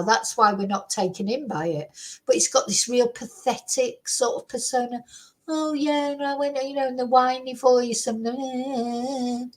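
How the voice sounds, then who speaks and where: A woman's voice: a little high, poor audio. A woman hosting a true crime chat at her computer, talking casually and ramblingly with lots of "you know" and tag questions. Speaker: true crime channel host. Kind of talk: casual solo commentary to viewers. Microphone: computer microphone at a desk.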